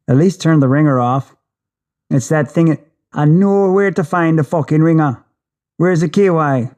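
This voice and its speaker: A man's voice: a little high, warm tone. A man reading an audiobook in a wry, conversational way. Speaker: audiobook narrator.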